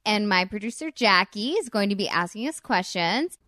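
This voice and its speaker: A woman's voice: medium pitch, animated, normal speed, bright, forceful tone, no room sound. Chatty woman host, dry sound. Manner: chatty, heavy use of "like", giggly. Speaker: show host. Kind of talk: casual chat with partner.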